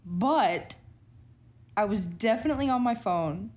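Brief: young woman, animated co-host, very expressive pitch. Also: a little slow. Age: 20s. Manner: animated storyteller. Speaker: podcast co-host. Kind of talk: casual chat.

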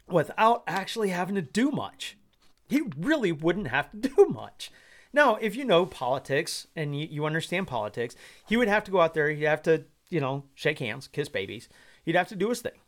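A man hosting a solo podcast, giving rambling commentary in an animated way and laughing often. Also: fairly high pitch. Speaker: podcast host.

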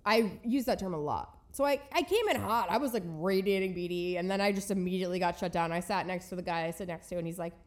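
A young woman in her twenties, co-hosting a podcast and telling a story in a lively, casual way with quick impressions. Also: on the low side. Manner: animated, laughing, quick impressions in dialogue. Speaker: podcast co-host. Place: New York.

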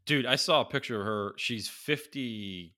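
A man co-hosting a casual podcast chat, rambling and swearing, breaking into animated quoted impressions. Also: medium pitch, moderate pace. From North Carolina. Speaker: podcast co-host.

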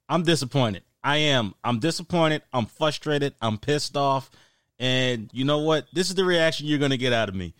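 A man's voice: medium pitch, fairly bright tone, clear, resonant tone, no echo, clean studio sound. A man co-hosting a sports podcast, ranting emphatically with repeated points and rhetorical questions. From Philadelphia. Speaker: podcast co-host. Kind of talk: heated sports rant.

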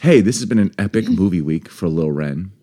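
Low-ish guy co-hosting a podcast in a studio, jokey and teasing, voice bouncing all over. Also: animated, mellow. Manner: teasing, quick to laugh, tells stories with voices. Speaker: podcast co-host. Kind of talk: casual joking chat with his wife.

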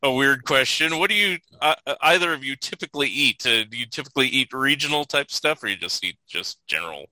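A man's voice: medium pitch, expressive, fast, pushed and bright, no room sound, low-quality recording. A man from California hosting a casual chat, asking questions and laughing often.

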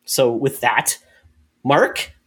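A man's voice: mid-range voice, drawn-out words, fairly bright tone, breathy edge. A man hosting a casual gaming podcast, joking and plugging the show at the close. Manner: jokey, wraps up with plugs. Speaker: podcast host. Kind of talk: casual chat.

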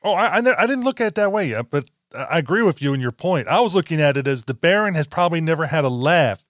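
A man's voice: a little high, expressive, fast, fairly bright tone, no echo, clean studio sound. A man in casual conversation about a horror film, talking in a rambling way with frequent restarts.

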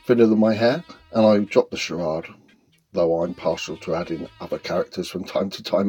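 A radio host talks in a deadpan, self-mocking ramble. His voice sits fairly low, with faint music playing behind it. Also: husky. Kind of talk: self-mocking comic monologue.

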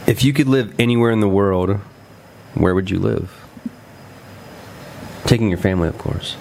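A man hosting a casual podcast, asking rapid-fire questions in a loose, chatty way. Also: fairly low pitch, vocal fry, a little mellow, a little hiss or hum. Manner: loose and chatty, with lots of fillers and laughs. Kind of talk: casual chat.

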